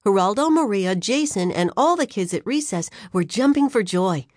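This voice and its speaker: A woman narrating a children's audiobook in an expressive storytelling manner, recorded on a studio microphone. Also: medium pitch, normal speed, no echo.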